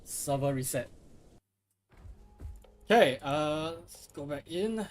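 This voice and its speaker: A man's voice: a little high, lively intonation, slow, faint music behind. A young man streaming a game, chatting casually in a rambling, profane way with lots of restarts. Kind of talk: casual live gameplay commentary.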